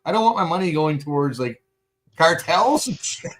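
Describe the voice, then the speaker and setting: A man's voice: fairly high pitch, lively intonation, moderate pace, fairly bright tone, rough recording. A man from Canada co-hosting a casual podcast chat, swearing freely and talking bluntly. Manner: swears a lot, loose and blunt. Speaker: podcast co-host.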